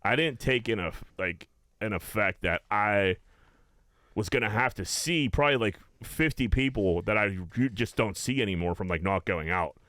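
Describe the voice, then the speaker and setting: A man's voice: lowish voice, expressive, normal speed, a bit bright, dry recording. A young man from Pittsburgh co-hosting a podcast, telling rambling stories in casual chat and swearing often. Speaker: podcast co-host.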